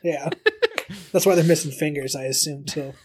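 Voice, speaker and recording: A man co-hosting a casual podcast with a slightly higher voice. He tosses in wisecracks and sums things up in an offhand way. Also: moderate pace, slightly rough. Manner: wisecracking interjections. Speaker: podcast co-host.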